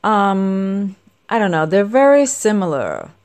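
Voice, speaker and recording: A woman's voice: medium pitch, sing-song, slow, a little mellow, smooth. Chatty middle-aged woman rambling on. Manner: chatty, self-deprecating, wandering asides. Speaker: vlogger. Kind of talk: casual rambling monologue.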